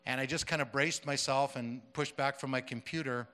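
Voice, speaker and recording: A man's voice: mid-range voice, flat delivery, fairly quick, few pauses, bright, forceful tone. A middle-aged man from Canada preaching, telling a story in a conversational way with many fillers and restarts. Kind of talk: sermon storytelling.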